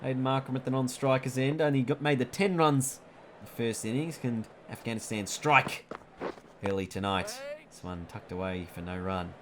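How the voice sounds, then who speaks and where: A man's voice: mid-range voice, moderate pace, fairly bright tone, slight background noise. A man giving chatty, jokey play-by-play commentary over a cricket video game, stumbling over names now and then.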